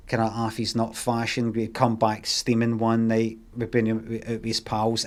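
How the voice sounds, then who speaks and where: A Scottish man on a live stream telling a rambling, heavily sweary anecdote in a casual way. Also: medium pitch.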